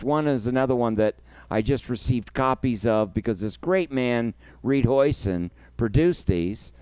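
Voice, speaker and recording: A man's voice: mid-range voice, darkish tone, smooth, no room sound. A man hosting his own music livestream, talking emotionally and effusively, thanking viewers and guests by name. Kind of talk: casual livestream chat.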